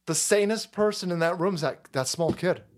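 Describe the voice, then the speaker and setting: A man's voice: high voice, fairly quick. A man in his forties ranting sarcastically on a political livestream, profane and mocking. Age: 40s.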